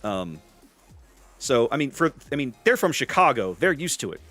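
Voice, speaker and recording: A man's voice: mid-range voice, normal speed, dry recording, faint music behind. A man hosting a casual gaming stream, chatting to his viewers and answering their comments as he plays. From US Gulf Coast. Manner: chatty, animated, reads chat names aloud. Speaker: streamer host.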